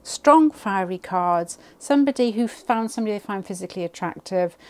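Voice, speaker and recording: Woman, tarot reader, pick-a-card reading, rambling, thinking out loud, mid-range voice, at home. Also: medium pitch, lively intonation, fairly quick. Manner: thinking aloud, rambling with restarts.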